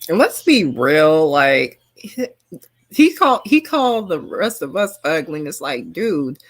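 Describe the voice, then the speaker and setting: Woman with a low lively voice, blunt and joking, dry close sound. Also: a little slow, no room sound. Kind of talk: casual profane chat.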